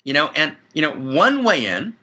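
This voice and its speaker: A man's voice: a little high, wildly swooping pitch, normal speed, sharp tone, breathy edge. A man speaking as an interview guest in a spiritual conversation, effusive and building to soaring emphatic peaks, talking from a friend's house.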